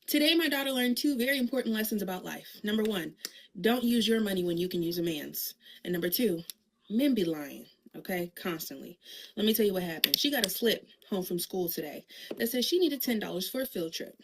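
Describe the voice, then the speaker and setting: A mother telling a comic story in a sassy, lively way, acting out the people in it. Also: medium pitch, a little fast, a little hiss or hum. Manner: sassy, lively, acts out voices in her story. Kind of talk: comedic storytelling monologue.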